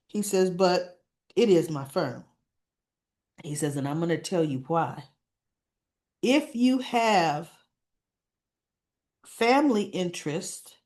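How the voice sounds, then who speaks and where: A woman recaps soap opera episodes in a relaxed, conversational way, with a voice of average pitch. She speaks slowly and without hurry, quoting the characters and then breaking off to give her own take. She clears her throat now and then. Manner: retells scenes in quotes, stops to add her own opinions; slow, unhurried delivery with frequent throat clearing. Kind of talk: casual recap and commentary.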